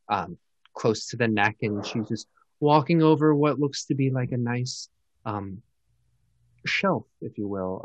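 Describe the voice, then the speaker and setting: A man's voice: mid-range voice, a bit bright, no room sound, highs cut off. A man narrating a tabletop game as game master, describing scenes with many hesitations.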